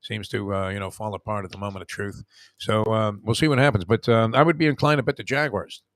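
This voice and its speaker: A man's voice: lowish voice, fairly even intonation, fast, no room sound, studio quality. A man hosting a sports radio show, chatting loosely and running a call-in trivia game. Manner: loose, joking, filler-heavy banter. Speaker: radio host.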